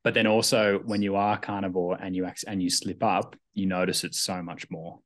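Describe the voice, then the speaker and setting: Low-voiced man in relaxed chat. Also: normal speed. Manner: reflective, agreeing with short backchannels. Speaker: podcast co-host. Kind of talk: casual conversation.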